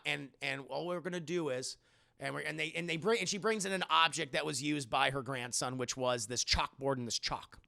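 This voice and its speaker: A man's voice: a little high, brisk, vocal fry, pushed and bright. A man casually retelling a movie scene as a reviewer, rambling with many restarts.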